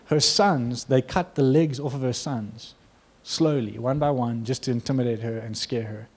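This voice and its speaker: Animated man preaching a sermon. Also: mid-range voice, moderate pace, slightly rough. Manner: animated storytelling, acts out quotes, laughs.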